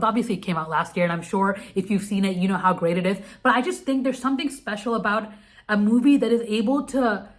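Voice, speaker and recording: A young vlogger whose first language is Telugu chats bubbly and casually through her monthly favorites, restarting often. Her voice is mid-range and a bit bright.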